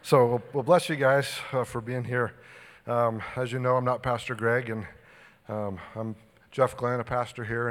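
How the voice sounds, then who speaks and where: Slightly breathless pastor in a reverberant church. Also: male voice, medium pitch. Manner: relaxed, halting with many restarts. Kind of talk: sermon.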